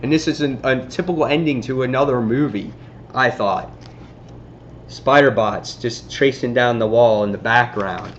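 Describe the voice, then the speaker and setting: A man casually reviewing a comic book on his vlog, excitably retelling the story. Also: medium pitch, normal speed, muffled recording, slight background noise.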